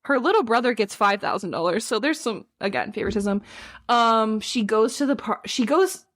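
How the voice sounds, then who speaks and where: A young adult woman co-hosting a podcast recaps a book's plot in casual conversation, filling her speech with "like" and acting out the characters' lines. Her voice is a little high and a bit bright, animated, at normal speed.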